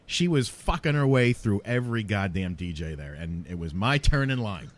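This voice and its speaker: A man's voice: lowish voice, sing-song, moderate pace. A man in his thirties, a former radio DJ and podcast co-host, telling a profane story with lots of laughter. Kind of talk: casual storytelling chat.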